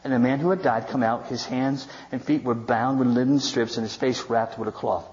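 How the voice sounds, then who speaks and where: A man's voice: medium pitch, steady tone, brisk, darkish tone. A male pastor preaching a sermon, retelling scripture in a conversational, storytelling way with wry asides. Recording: dull sound with long hall reverb.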